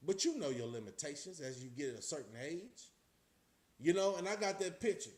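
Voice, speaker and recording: A middle-aged man with a Texas accent holds forth to his camera in a loose, streetwise vlog. He leans on rhetorical questions and slang, and his voice sits a little high for a man. The room gives it a roomy echo. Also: animated, moderate pace, darkish tone. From Austin, Texas. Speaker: vlogger. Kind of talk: casual talking to camera.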